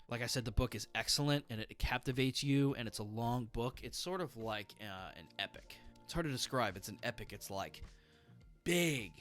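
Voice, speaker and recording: A man's voice: fairly low pitch, a bit bright. A man casually reviewing books he has read, chatty and enthusiastic, with many fillers. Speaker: book reviewer.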